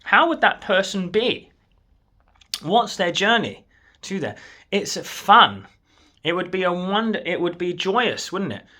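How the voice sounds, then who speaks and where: A man's voice: high voice, big pitch swings, a little slow, pauses often, bright, forceful tone. A man, a coach, giving an earnest, encouraging motivational talk straight to the viewer from his desk. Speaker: manifestation coach. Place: at a desk in his own room.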